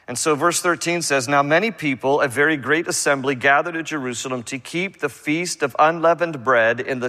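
Conversational male pastor in a reverberant hall. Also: mid-range voice. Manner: conversational, animated preaching with quick asides. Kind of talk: verse-by-verse sermon.

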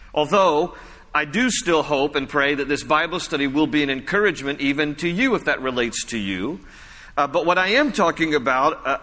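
Pastor guy preaching, bright voice a bit high, keeps repeating himself for emphasis, echoey church hall. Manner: conversational, repeats phrases for emphasis. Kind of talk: sermon.

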